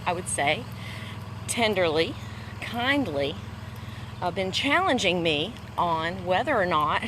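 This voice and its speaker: A woman's voice: lowish voice, a bit bright, slight background noise. Earnest woman sharing a faith testimony. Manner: conversational, with emphatic repeated phrases; earnest preaching tone. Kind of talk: casual spoken testimony.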